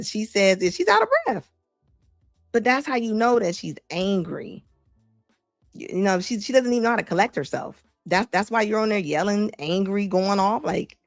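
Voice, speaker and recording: Female livestream host with a gravelly voice, recorded dry and close, chatty, reads comments and laughs a lot. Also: medium pitch, dry recording.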